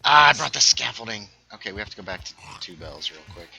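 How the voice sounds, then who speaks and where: A man's voice: on the low side, very animated, fast, vocal fry, sharp tone, slightly rough, muffled recording. Chatty playful man streaming a game. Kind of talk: casual gameplay chat.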